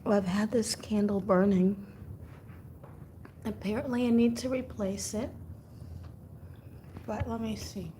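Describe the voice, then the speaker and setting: A woman hosting a casual livestream, greeting viewers by name and sometimes dropping to a soft whisper. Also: mid-range voice, steady tone, measured pace, long pauses, slight background noise. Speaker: livestream host. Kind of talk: casual live chat.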